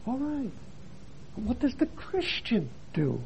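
An older man, a missionary preacher, giving a dramatic sermon that swings between loud emphasis and hushed drops. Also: very high-pitched, wildly swooping pitch, slow, creaky, a little hiss or hum, poor audio.

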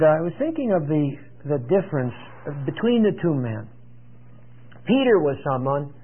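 A man with a fairly high voice leads a Bible study, retelling the story in a loose, conversational way full of pauses and filler words. The sound is thin and tinny, like an old radio broadcast. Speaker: Bible teacher.

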